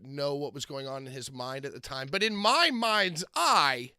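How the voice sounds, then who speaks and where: A man co-hosting a casual podcast chat, telling stories with animated delivery and acting out quotes. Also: mid-range voice, normal speed, clear, resonant tone, no room sound, clean studio sound. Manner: animated storytelling, acts out quotes. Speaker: podcast co-host.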